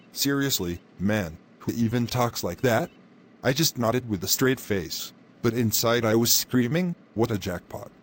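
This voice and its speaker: A man doing a scheming tenant, sly and flattering, mid-pitched everyday male voice, light background hum, story narration. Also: natural voice. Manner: flattering in public, gloating in private.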